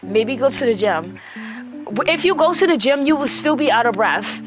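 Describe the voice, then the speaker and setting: A woman's voice: fairly high pitch, lively intonation, music in the background. Profane, combative young woman ranting. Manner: profane, combative, rapid rants with breathing. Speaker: livestreamer answering chat. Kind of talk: ranting livestream talk. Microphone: close mic.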